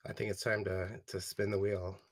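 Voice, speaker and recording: A man's voice: low-pitched, flat delivery, normal speed, slight background noise. A man with a Canadian accent co-hosting a live-stream, throwing in dry wisecracks and short affirmations. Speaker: co-host. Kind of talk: casual live-stream banter.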